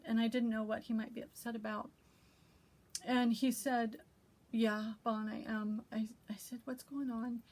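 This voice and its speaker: A middle-aged woman who hosts a quilting vlog, speaking in a heartfelt, emotional and halting way and reading scripture aloud. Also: a little high. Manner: emotional, halting, with many restarts. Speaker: quilting vlogger. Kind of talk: heartfelt personal reflection.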